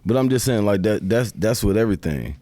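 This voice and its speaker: Podcast guest, male, lower voice, loose rambling delivery, dry sound. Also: expressive, fairly quick, warm tone, no room sound. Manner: rambling, repeats "you know what I'm saying". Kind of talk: casual chat.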